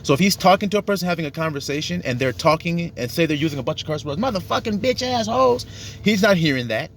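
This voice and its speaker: A man's voice: on the high side, very fast, fairly bright tone, slight background noise. A man giving a casual, profane sermon, acting out little dialogues to make his points. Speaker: religious teacher.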